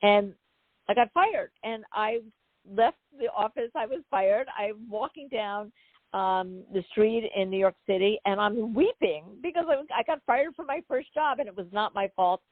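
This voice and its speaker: A woman guest on an interview show, telling a personal story in a chatty, animated way with many asides. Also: medium pitch, moderate pace, no echo. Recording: phone-like dry call audio.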